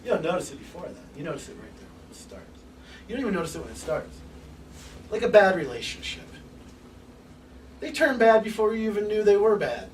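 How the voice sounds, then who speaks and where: A man giving an open forum lecture to a live group, animated and casual, swearing now and then and acting out little scenes. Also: sits high, fairly quick, pauses often, roomy sound. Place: room with an audience. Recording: distant mic with background hiss.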